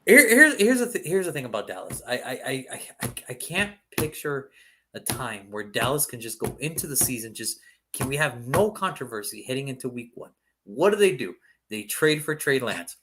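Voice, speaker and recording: A man's voice: medium pitch, lively intonation, normal speed, sharp tone. A man co-hosting a sports prediction show, talking casually and animatedly, swearing and slipping into mock voices.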